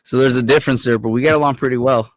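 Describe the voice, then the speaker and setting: A man in his thirties hosting a podcast, relaxed and quick to laugh in casual chat. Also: mid-range voice, no echo. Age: 30s. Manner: laid-back, laughs easily. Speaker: podcast host.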